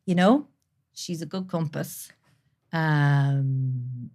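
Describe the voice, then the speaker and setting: Low-voiced woman talking heartfelt. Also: very slow. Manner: earnest, heartfelt, drops into soft near-whispers. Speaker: podcast guest. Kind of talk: candid conversational interview.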